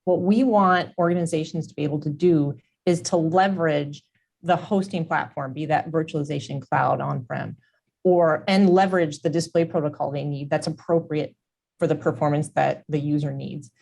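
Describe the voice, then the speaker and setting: A woman executive answers interview questions and explains her company's approach fluently. Her voice is notably low for a woman. She sounds steady and assured. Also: moderate pace, vocal fry. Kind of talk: tech business interview.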